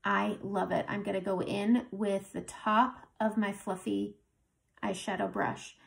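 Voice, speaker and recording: A woman narrates a makeup tutorial in a casual, chatty way, walking through every step as she works. Her voice carries a gravelly, creaky texture. She sits close to the mic and sounds relaxed and conversational. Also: medium pitch, measured pace. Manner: chatty, talks through each step while applying makeup.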